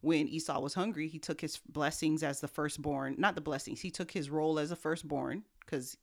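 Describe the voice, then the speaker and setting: A woman's voice: low voice, fairly even intonation, moderate pace, gravelly. A woman co-hosting a podcast, casually retelling a Bible story and acting out the characters' lines in everyday slang. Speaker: podcast co-host.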